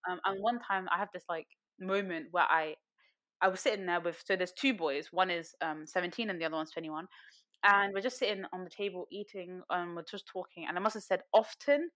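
A woman's voice: fairly low pitch, a little fast. Chatty young woman telling stories. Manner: animated storyteller, lots of fillers and laughter. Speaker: podcast guest. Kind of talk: casual chat.

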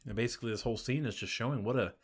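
Podcast co-host, man, plain and steady, walks through plot points. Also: medium pitch, very fast, slightly rough. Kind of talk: casual TV recap narration.

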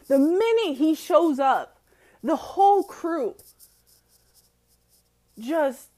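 A woman delivering a casual opinion monologue in a high, bright-pitched voice. Her pitch swings widely as she punches words with emphasis and frequent swearing. She breaks into short laughs between points. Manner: profane, emphatic, laughs often. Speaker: commentator.

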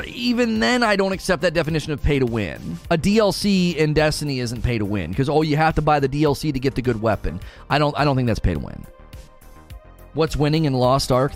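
A man's voice: a little high, darkish tone. A man ranting in a sarcastic, argumentative way, as a streamer answering his chat. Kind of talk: ranting commentary.

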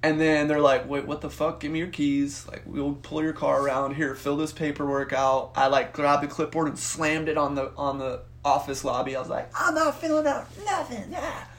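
Young dude on a podcast telling a crazy story, swears a lot, does all the voices, kinda high voice. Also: male voice, moderate pace, hardly any pauses, a little hiss or hum. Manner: animated, profane, acts out voices in his story. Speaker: podcast co-host. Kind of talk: casual storytelling chat.

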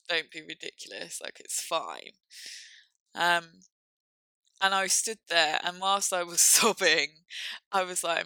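A young woman speaking candidly and reflectively about a personal experience, halting now and then with fillers. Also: lowish voice, bright, forceful tone, smooth, no echo, poor audio.

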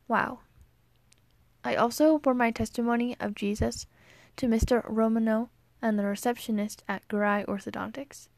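Bright-voiced young woman reading her diary. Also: on the high side, creaky, no room sound. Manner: earnest and mock-dramatic. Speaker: vlogger. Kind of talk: reading old diary entries aloud.

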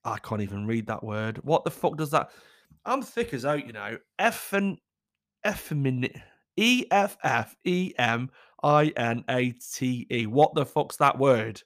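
A man's voice: medium pitch, sing-song, measured pace, a bit bright. Blunt, sweary man. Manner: blunt, swears freely, chatty and candid. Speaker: advice-letter reader. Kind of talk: casual commentary, reading out letters.

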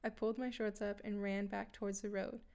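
A woman's voice: mid-range voice, flat delivery, a little fast, a little mellow. A woman telling a first-person horror story in a matter-of-fact way, with dry asides to her listeners.

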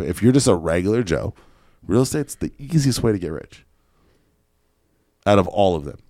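This podcast host speaks in a low voice, animatedly recounting casual stories full of swearing and acted-out dialogue. The recording is studio quality with no echo.

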